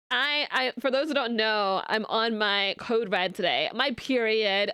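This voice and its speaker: A woman's voice: mid-range voice, bright, forceful tone, smooth, dry recording, clean studio sound. A woman streamer chatting casually with her viewers, rambling and restarting her sentences. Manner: rambling, many fillers and restarts.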